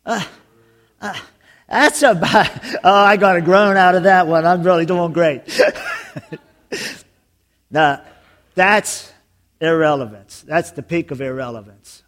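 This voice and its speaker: Animated high-voiced male pastor preaching. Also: slow, pauses often. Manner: joking, animated storytelling with laughs. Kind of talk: sermon.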